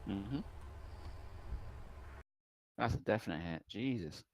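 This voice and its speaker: A man's voice: on the low side, animated, slow pace, a little hiss or hum, low-quality recording. A man narrating a tabletop game as game master, describing monsters and calling for rolls.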